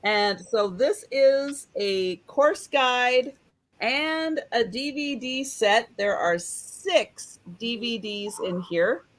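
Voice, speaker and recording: A woman with a slightly high voice talks slowly through an item she is selling, describing it plainly and without hurry. Her tone stays casual and steady. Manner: unhurried, matter-of-fact describing items. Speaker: seller. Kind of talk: casual sales pitch.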